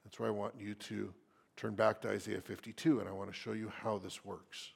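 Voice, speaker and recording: A male pastor delivers an expository sermon, reading scripture aloud and putting questions to the congregation at a slow, deliberate pace. His lowish voice barely shifts in pitch and has a creaky, breathy edge.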